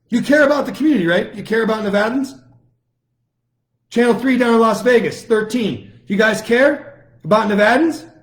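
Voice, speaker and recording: A middle-aged man talks in a fairly high register, hosting his own show. He rants in a heated, combative way, firing off taunting challenges and repeating them over and over. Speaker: lawyer and online show host. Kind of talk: combative political monologue.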